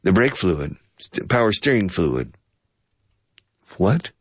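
Speaking slowly with frequent pauses, a male English teacher uses a sing-song, breathy voice. He plays both roles in a conversation by changing pitch and clarifies phrases with a little Spanish, keeping the lesson playful. The recording is dry and studio quality.

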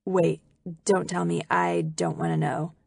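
Woman reading as a soft, teasing teenage boy. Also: sits low, very animated, measured pace, vocal fry, slightly rough, dry recording, clean studio sound, voice pushed down, exaggerated voice. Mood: hushed.

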